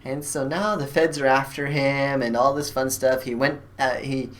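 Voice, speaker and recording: A man's voice: mid-range voice, steady tone, moderate pace, a bit bright. Blunt rambling man live-streaming. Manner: blunt, rambling, frequent restarts and fillers. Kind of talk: casual live-stream chat while building a computer.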